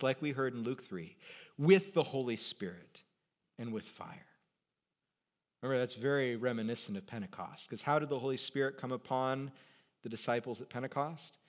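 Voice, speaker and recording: Animated male pastor preaching a sermon. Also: medium pitch. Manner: animated preaching, sudden loud emphasis and quiet asides; conversational, jokes with the congregation.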